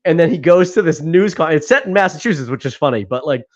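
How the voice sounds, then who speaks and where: A man's voice: on the high side, expressive, fast talker, darkish tone, lo-fi sound. A man co-hosting a podcast in casual chat, rambling with frequent laughs and casual swearing. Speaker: podcast co-host.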